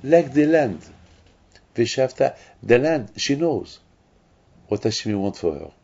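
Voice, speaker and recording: A rabbi preaches emphatically. He circles back and repeats himself often. His voice is gravelly and husky, and it comes through a dull, lo-fi recording. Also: mid-range voice, big pitch swings, slow pace, darkish tone. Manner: emphatic, repetitive preaching with restarts. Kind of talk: sermon.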